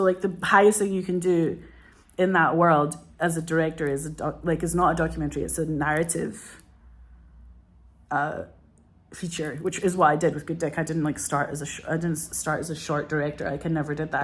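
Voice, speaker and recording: A low-pitched woman in her forties, talking as a film director in an interview. She tells her stories with energy, swears casually and slips into other people's voices. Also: a little fast. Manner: animated, profane, acts out quotes. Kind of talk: candid interview storytelling.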